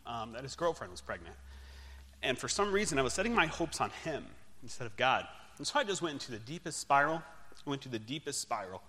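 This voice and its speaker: A man's voice: mid-range voice, pushed and bright. A young man giving a candid, self-deprecating personal testimony. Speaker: speaker giving his testimony. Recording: long hall reverb.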